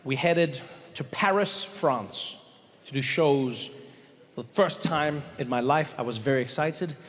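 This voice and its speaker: A man doing stand-up storytelling in a large live venue, animated and acting out voices. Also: mid-range voice, measured pace. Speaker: stand-up comedian. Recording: echoey hall with crowd noise. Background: audience laughter.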